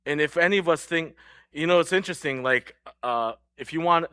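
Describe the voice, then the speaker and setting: A man's voice: fairly high pitch, a little fast, bright, forceful tone, clean tone, no echo, studio quality. A young adult man preaching a sermon in a casual, joking way, laughing often. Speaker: pastor.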